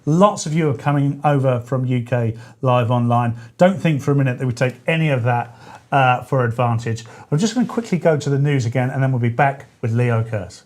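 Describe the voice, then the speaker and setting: A man, hosting a live-stream show in a chatty, joking way with quick asides. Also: medium pitch, a little mellow. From England. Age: 40s. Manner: chatty, jokey, self-correcting asides. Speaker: show host. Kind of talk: casual live-stream chat.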